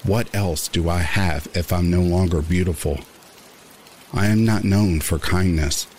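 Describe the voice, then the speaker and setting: A man reading a first-person horror story aloud in a measured, somber narration. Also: sits low, a little mellow, slight background noise. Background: rain sounds.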